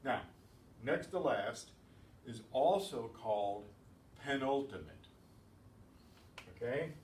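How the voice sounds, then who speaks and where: A man teaching a beginners language class, patient and methodical, spelling out rules slowly. He sounds distant from the microphone in an echoey room, with faint ambient noise behind him. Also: medium pitch, lively intonation, darkish tone. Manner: patient, explains slowly with repeated examples. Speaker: Spanish teacher. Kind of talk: classroom lesson.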